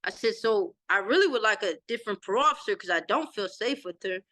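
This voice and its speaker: Talking fast in a mid-range voice on a dry recording, a Texan woman in her thirties is a guest on an interview. She casually retells a story with animation, performing the lines of dialogue she quotes.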